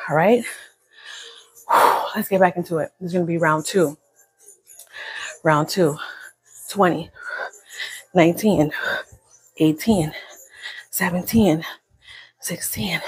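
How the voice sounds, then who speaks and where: A woman's voice: fairly low pitch, takes it slowly, pauses often, breathy edge, rough recording. A woman fitness instructor leading a live workout class from a phone in an indoor room. She counts reps and coaches in a casual, encouraging way. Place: indoor room on an upper floor. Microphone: phone livestream.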